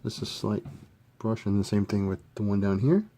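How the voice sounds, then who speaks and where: A man with a fairly low voice walks through a model build in a casual tutorial. He thinks aloud as he works, relaxed and unhurried, with plenty of fillers. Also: a little hiss or hum. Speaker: scale model hobbyist demonstrating a kit build.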